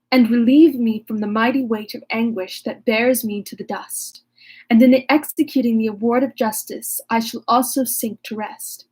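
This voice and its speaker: A woman's voice: on the high side, darkish tone, husky. A woman reading a classic novel aloud, breaking off now and then for wry, joking asides. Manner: wry asides, laughs at herself. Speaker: reader.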